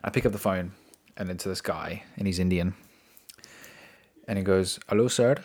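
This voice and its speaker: A man's voice: low-pitched, little pitch movement, normal speed, a little mellow. A man hosting a casual solo podcast, rambling chattily from topic to topic with frequent fillers and restarts, recorded indoors at home. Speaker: podcast host.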